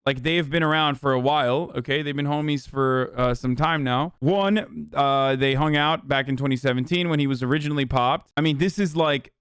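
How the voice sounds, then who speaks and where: A man's voice: medium pitch, brisk, hardly any pauses, a bit bright, smooth, dry recording, studio quality. A man reacting to news clips on a live stream, sarcastic and profane, mocking what he reads and hears.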